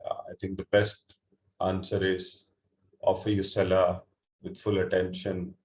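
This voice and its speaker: A Quran teacher leads an online class through a computer mic, his deep voice a little slow and mellow with a completely flat delivery. He works through word meanings patiently, hesitating with fillers and restarting often, and the audio is reverberant.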